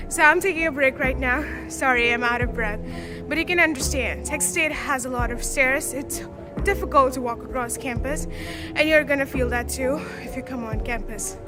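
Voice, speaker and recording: Young woman student vlogging, high voice, chatty and upbeat, music playing underneath. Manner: chatty and upbeat, speaks straight to viewers. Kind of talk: casual vlog talking to viewers.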